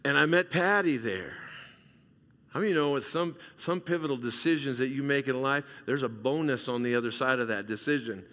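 A man's voice: mid-range voice, brisk. Male pastor, middle-aged, from Southern California, emphatic sermon, repeats key phrases, long hall reverb. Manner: emphatic preaching, repeats phrases, swings between loud and hushed.

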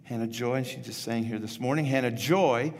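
A man's voice: mid-range voice, a little fast, a little mellow. Pastor in his 50s, echoey church. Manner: casual, rambling, with frequent restarts. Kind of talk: sermon. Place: church sanctuary.

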